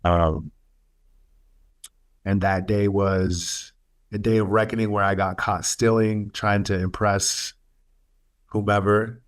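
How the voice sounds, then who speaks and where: Earnest, low-voiced man telling his story. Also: level tone. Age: adult, studying for a master's. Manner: earnest, emotional, halting with fillers. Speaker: webinar speaker, youth mentor. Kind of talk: personal story in a webinar.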